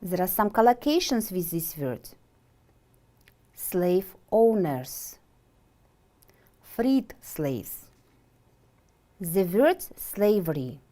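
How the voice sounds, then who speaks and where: A woman teaching a televised English vocabulary lesson, slow and carefully enunciated, asking questions and answering them herself. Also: fairly low pitch, big pitch swings, mellow. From Kyrgyzstan. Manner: slow, deliberate, clearly enunciated.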